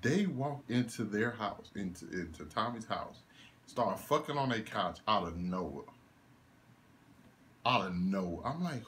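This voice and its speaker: A man's voice: lowish voice, measured pace, slight background noise. A young man giving a casual one-take movie review, ranting in disbelief, laughing and swearing as he goes. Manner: animated, laughing, incredulous rants with swearing.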